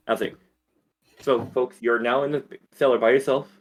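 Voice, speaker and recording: A man's voice: mid-range voice, steady tone, unhurried, long pauses. A man narrating as dungeon master for a tabletop game, rambling with fillers.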